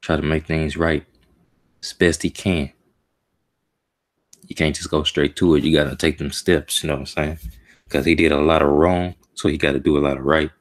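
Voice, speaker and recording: A man's voice: a bass voice, fairly even intonation, normal speed, long pauses. A man streaming a live reaction to a comic chapter. He talks casually and emotionally in slang, muttering to himself as he reads.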